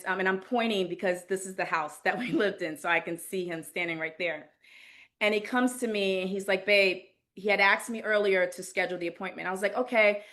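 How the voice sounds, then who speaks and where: Candid bright-voiced woman in her forties. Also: mid-range voice. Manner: candid and emotional, with many pauses and fillers. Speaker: podcast guest. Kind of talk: personal storytelling in an interview.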